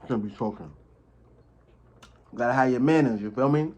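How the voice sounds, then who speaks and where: In a muffled recording, a young man with a mid-range, darkish voice chats at a normal pace while eating on camera. The mukbang vlogger's banter is casual and full of slang, and at times he talks with his mouth full.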